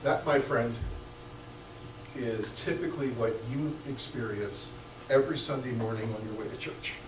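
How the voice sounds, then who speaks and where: A man preaching a sermon as pastor, lively and joking, swinging between hushed asides and loud bursts. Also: medium pitch, normal speed, noisy background. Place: church sanctuary. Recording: echoey church room, mic at a distance.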